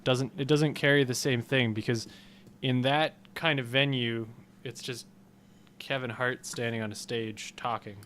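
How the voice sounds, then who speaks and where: Podcast co-host, male, mid-pitch, rambling casual chat, faint hiss behind. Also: measured pace. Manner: rambling, animated when retelling jokes.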